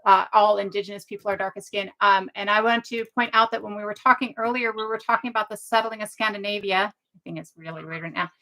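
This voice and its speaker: Flat, gravelly, bright-voiced woman. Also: medium pitch, poor audio. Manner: measured, methodical rebuttal. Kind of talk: casual discussion.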